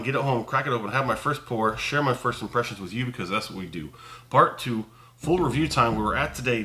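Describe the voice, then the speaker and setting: Bright-voiced chatty male whiskey reviewer. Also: medium pitch. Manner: chatty and relaxed, laughing at himself, thinking aloud. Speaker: host of a spirits review channel. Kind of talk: casual on-camera review chat.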